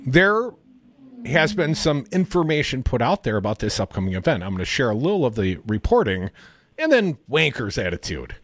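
A man co-hosting a talk radio show, opinionated and sarcastic, with animated swings in his delivery. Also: medium pitch, moderate pace. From Madison, Wisconsin. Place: radio studio.

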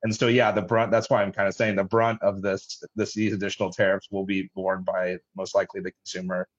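A man running a logistics company, answering radio interview questions in a halting way with many restarts. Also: deep voice, flat delivery. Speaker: logistics company head, guest. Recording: dull lo-fi line.

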